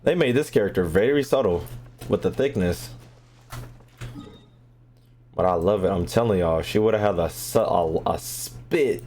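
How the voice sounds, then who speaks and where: A man giving joking, profane let's-play commentary as a gaming streamer, loud and bantering. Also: deep voice, lively intonation, measured pace, pauses often, slight background noise.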